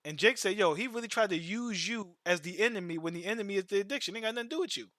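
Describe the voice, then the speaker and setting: A man talks casually on a stream in a high, expressive, bright voice that comes out fast and pushed. He tells long, slangy stories loosely, repeating words and making many false starts. The studio recording is clean, with no echo.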